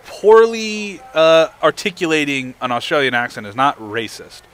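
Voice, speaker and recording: A young man hosts a live stream in an easy, casual way, reading out viewer comments and chatting between games. His voice is bright and lively at an ordinary pitch. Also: normal speed. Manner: upbeat, reads viewer messages aloud. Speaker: livestream host.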